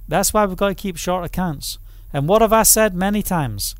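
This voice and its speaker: A man preaching a sermon with fervor, calling out hallelujah and amen, rising to loud proclamation and dropping to quiet, low passages. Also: normal speed, no room sound. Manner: fervent, repeats phrases, calls out hallelujah and amen.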